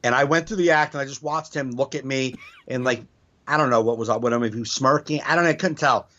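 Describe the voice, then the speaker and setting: A man's voice: medium pitch, fast. A man, a stand-up comedian, telling club stories in casual, profane podcast chat. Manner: profane, animated storytelling with acted quotes. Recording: dull lo-fi podcast audio.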